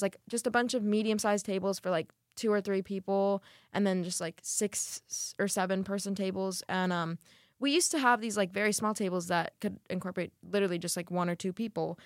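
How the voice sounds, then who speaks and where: A young woman co-hosting a podcast, telling work stories in a rambling, animated way with lots of "like" fillers. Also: mid-range voice, brisk, no echo, clean studio sound. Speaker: podcast co-host. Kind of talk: casual storytelling chat.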